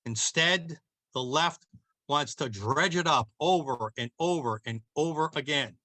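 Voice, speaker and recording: A man delivers a scripted political commentary as a show host, his voice bright, forceful and pitched a little high. He declaims with emphasis and draws out key phrases with slow, dramatic pauses. The sound is dry and close, with no room around it. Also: no echo, low-quality recording.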